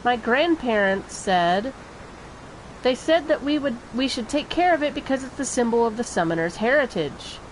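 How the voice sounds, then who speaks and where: A woman's voice: a little high, expressive, moderate pace, slight background noise, natural voice, rough recording. A woman voicing a stubborn little summoner girl, reading game dialogue aloud and insisting she is grown-up. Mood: worried.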